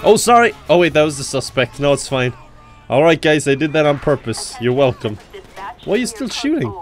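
A young man giving comedic gameplay commentary, swinging from dry asides to sudden high-pitched yelps. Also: brisk, faint music behind. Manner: excitable, jumps into high yelps. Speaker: gaming YouTuber.

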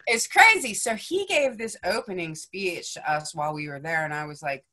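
A woman, a podcast guest, telling a story in casual chat, animated and blunt, swearing freely and tagging lines with "right?" and "you know?". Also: on the low side, fairly quick, hardly any pauses.

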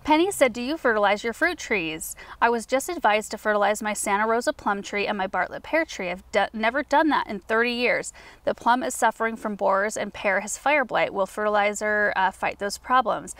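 A woman's voice: mid-range voice, a little fast, fairly bright tone, no echo. Woman, gardening host, chatty, filler-heavy, dry recording. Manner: chatty, explains with many fillers. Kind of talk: casual Q&A chat. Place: at home.

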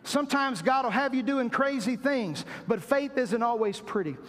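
High-voiced man preaching in a reverberant hall. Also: lively intonation, moderate pace, a bit bright. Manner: preaching with acted-out quotes and repetition. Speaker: pastor. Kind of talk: sermon.

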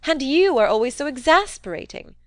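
A woman's voice: sits high, very animated, a little fast, no room sound, voice pushed up. Woman playing a dry, blunt young woman.

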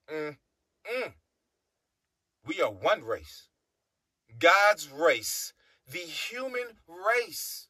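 A man's voice: fairly high pitch, pushed and bright, no room sound. A man from the United States preaching a monologue, emphatic, repeating his phrases and humming between thoughts.

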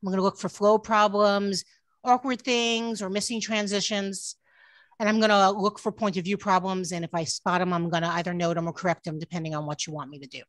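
A woman's voice: medium pitch, fairly even intonation, fairly quick, no echo. Earnest woman editor on a video call. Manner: earnest, frequent restarts and "um"s. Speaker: book editor giving a talk. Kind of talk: online workshop presentation. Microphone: computer mic on a video call.

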